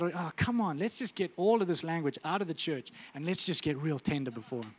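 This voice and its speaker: A man preaching a sermon with intense, urgent delivery that drops to quiet, intimate asides. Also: fairly high pitch, animated, brisk, slightly rough.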